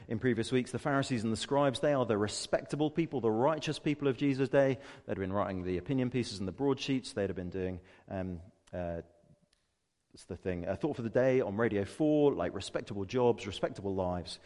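A man's voice: lowish voice, a little mellow. Earnest male preacher in a reverberant hall. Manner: earnest, emphatic preaching with rhetorical questions. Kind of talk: sermon.

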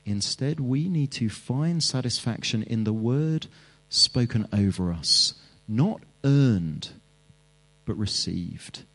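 A man's voice: mid-range voice, expressive, slow pace, fairly bright tone. A man preaching a sermon, earnest and emphatic, building his points with repeated phrases.

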